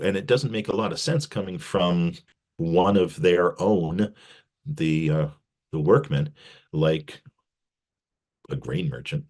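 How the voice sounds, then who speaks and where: Male professor, deep voice, casual wry lecture delivery with lively emphasis. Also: slow, long pauses. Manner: wry, joking asides; animated, pitch jumping on emphasis.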